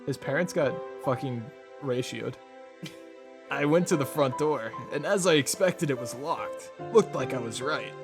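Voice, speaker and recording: Man reading a story aloud with friends. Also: medium pitch. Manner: laughs and swears between read lines. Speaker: reader voicing a visual novel.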